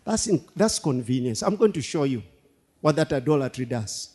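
A man preaching a sermon as pastor, animated, laughing and repeating himself for emphasis. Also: medium pitch, moderate pace, breathy edge. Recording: long hall reverb.

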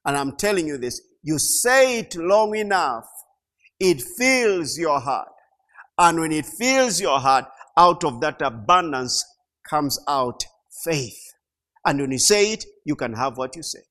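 A middle-aged man preaching a sermon, slow and emphatic, repeating key phrases and rising to loud peaks. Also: on the high side, sing-song. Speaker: pastor.

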